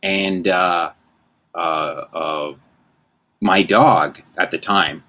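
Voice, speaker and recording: A man's voice: low voice, fairly even intonation, very slow, bright, forceful tone. A man in his fifties, hosting a casual chat and telling rambling, self-mocking stories. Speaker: host.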